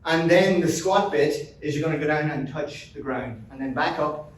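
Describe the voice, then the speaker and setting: A man's voice: on the high side, normal speed, a little hiss or hum. A middle-aged Irish man giving an upbeat live seminar talk, joking with the audience and calling people by name. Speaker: resilience consultant presenting a session. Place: large event room. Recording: very roomy, mic at a distance.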